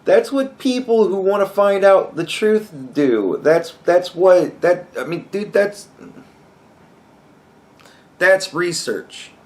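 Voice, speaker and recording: A young man hosting a podcast, ranting heatedly with constant swearing and rising to shouts. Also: sits high, animated, takes it slowly. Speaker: podcast host. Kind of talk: profane rant commentary.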